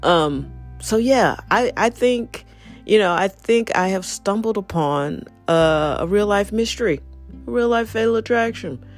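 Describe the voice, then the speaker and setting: A woman's voice: mid-range voice, animated, unhurried, faint music behind. A woman hosting a podcast in a casual, chatty monologue, confiding and speaking straight to her listeners. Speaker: podcast host.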